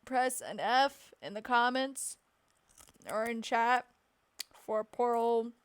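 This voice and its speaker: A woman's voice: on the high side, steady tone, slow pace, clean tone, no room sound. A young woman playing and chatting through a courtroom game, giggly and playful. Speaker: game streamer. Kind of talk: casual game commentary.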